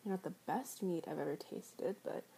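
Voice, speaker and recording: Breathy woman in teasing adult role-play. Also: fairly low pitch, normal speed. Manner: teasing and sarcastic, crude, switching to soft whispers.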